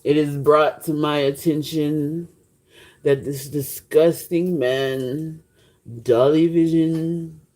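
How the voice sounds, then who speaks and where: A woman doing a slow, pompous impression of a well-known male politician. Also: low voice, fairly even intonation, darkish tone. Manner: slow, halting, declaring.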